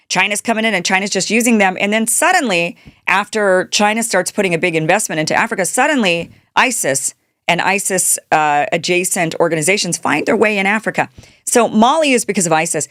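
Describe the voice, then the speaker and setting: Low-voiced woman hosting heated commentary. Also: fairly quick, fairly bright tone, no echo, clean studio sound. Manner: indignant, rhetorical questions, frequent restarts. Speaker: political commentary show host. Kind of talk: unscripted political commentary monologue.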